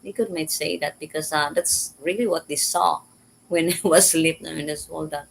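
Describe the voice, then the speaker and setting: A woman casually telling a personal story in halting, repetitive English. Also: sits low, fairly even intonation, creaky, a little hiss or hum, poor audio. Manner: halting, repeats words, simple learner English.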